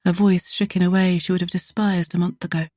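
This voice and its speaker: Low, husky woman narrating romance. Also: flat delivery, a little fast, darkish tone, no room sound. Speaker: audiobook narrator.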